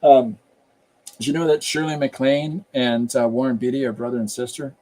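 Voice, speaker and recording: A man's voice: mid-range voice, steady tone, moderate pace, warm tone, slight background noise. A man casually chatting on a live stream, rambling about accents and reading viewer comments aloud as he goes. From Canada. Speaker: comic artist hosting a live stream.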